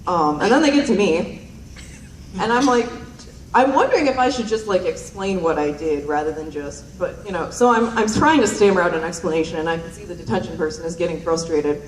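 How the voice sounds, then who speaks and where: Speaking a little fast in a fairly low voice, a young woman does stand-up storytelling at a performance night, rambling, putting herself down, and filling gaps with ums and giggles. The handheld mic is heard from afar in a roomy hall, with a little hiss or hum.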